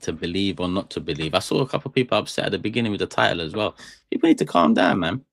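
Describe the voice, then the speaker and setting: A young man hosts a live stream, chatting to his viewers in a loose, rambling and jokey way. His voice sits low, and the close mic in the small studio sounds dry, with no room around it. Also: very animated, racing, creaky, fairly bright tone, no room sound. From England. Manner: rambling, jokey, talks straight to chat. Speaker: fan channel live stream host. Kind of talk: casual live stream chat.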